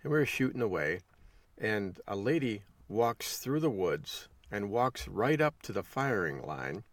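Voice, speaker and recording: A man's voice: fairly low pitch, very animated, measured pace, dry recording, recorded from a distance. A man hosting a podcast, telling a folksy story in a casual monologue and chuckling along the way. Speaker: podcast host.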